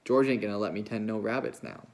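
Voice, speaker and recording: A man doing a slow, childlike giant of a farmhand, gravelly and plaintive. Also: on the low side, a little mellow. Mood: sullen. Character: big slow-witted childlike ranch hand, gentle and fretful. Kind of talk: novel read aloud.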